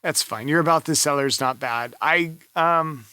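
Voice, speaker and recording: A man talks through a voiceover seller's gig in loose, casual commentary, coaching with blunt, offhand remarks. His voice is bright and forward at a middling pitch. The recording is dry and close, with almost no room sound. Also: normal speed, smooth, dry recording. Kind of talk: casual screen-review commentary.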